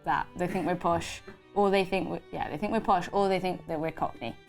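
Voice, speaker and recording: A woman's voice: fairly low pitch, fairly even intonation, fairly quick, soft background music. A British woman, an actor guest, chatting casually in an interview while she paints, scattered and self-deprecating. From Britain.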